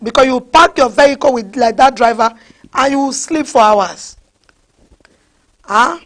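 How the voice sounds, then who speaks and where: Woman preacher, high voice, animated sermon, asks the crowd "huh?", slips into pidgin. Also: unhurried. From West Africa.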